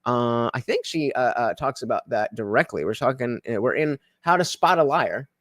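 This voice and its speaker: A man streaming his reaction to a podcast, talking casually and rambling through plenty of fillers. His pitch rises and falls with a lot of life as he reads viewer comments. The sound is dry and close, with no room echo. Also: lively intonation, moderate pace.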